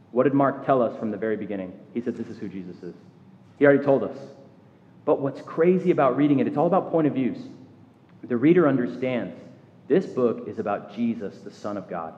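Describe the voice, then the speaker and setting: A man preaching a sermon to his congregation in a conversational way, asking the listeners questions and pressing his points with strong emphasis. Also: mid-range voice. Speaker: pastor. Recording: dull sound in a reverberant hall.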